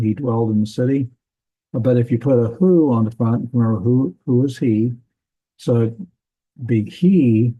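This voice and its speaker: A man teaching a Bible language class, explaining in a relaxed way with fillers. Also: mid-range voice, breathy edge, low-quality recording. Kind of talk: classroom lecture.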